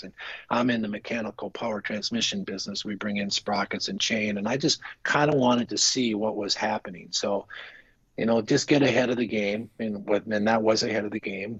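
Man, husky voice, earnest rambling storyteller, podcast guest, dry lo-fi sound. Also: lowish voice, fairly bright tone, no room sound. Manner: earnest, rambling, frequent restarts and "you know". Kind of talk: casual storytelling interview.

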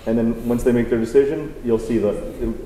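Man, casual moderator, mellow tone, roomy echoing hall, faint background hum. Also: medium pitch, steady tone, normal speed. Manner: casual, rambling, many fillers. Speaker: host, moderator. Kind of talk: conversational moderating.

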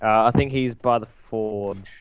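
Laid-back lower-voiced guy gaming. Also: fairly even intonation, a little slow, slight background noise. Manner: laid-back, short replies, playful. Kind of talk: casual chat while playing a game.

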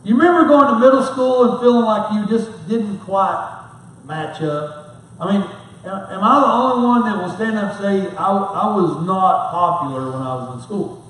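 A man's voice: sits high, expressive, normal speed, a bit bright, slight background noise. A middle-aged man preaching a sermon as a pastor, telling rambling, folksy stories with self-mocking humor. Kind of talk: storytelling sermon. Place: church sanctuary. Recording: very echoey hall, mic far off.

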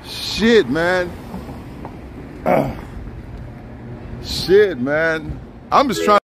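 A man livestreaming outdoors on a city street, bantering loudly, laughing and swearing into a handheld phone. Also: a little high, animated, very slow, vocal fry, a little hiss or hum. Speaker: IRL livestreamer. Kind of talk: casual street banter on a live stream.

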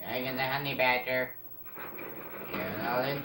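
A man giving live gameplay commentary, chatting to himself, getting frustrated and yelling out sudden bursts. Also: medium pitch, unhurried, pauses often. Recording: distant mic, roomy echo, loud background noise.

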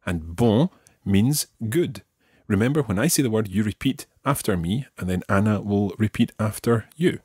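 A man's voice: fairly low pitch, expressive, darkish tone, husky, no room sound, studio quality. Patient Scottish man teaching pronunciation. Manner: patient, slow, careful modelling of pronunciation. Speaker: French teacher. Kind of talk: podcast language lesson.

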